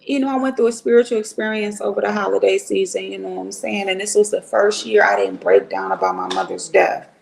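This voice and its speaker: Blunt, profane woman with a gravelly voice. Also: mid-range voice, animated, quick pace, hardly any pauses, a little mellow, a little hiss or hum. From Cleveland, Ohio. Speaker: livestream host. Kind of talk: casual livestream rant.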